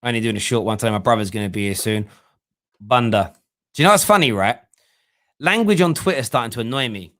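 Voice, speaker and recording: A man's voice: mid-range voice, lively intonation, fast, a bit bright. A young man hosting a casual football fan live stream, joking and reading viewers' comments aloud. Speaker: fan channel host.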